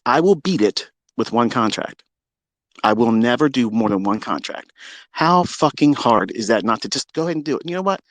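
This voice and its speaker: Man, heated profane rant, boastful taunting, loud bursts then low mutters, dry sound. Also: lively intonation, a little fast, dry recording. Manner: swings between loud outbursts and low muttering. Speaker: trading educator and Twitter Space host.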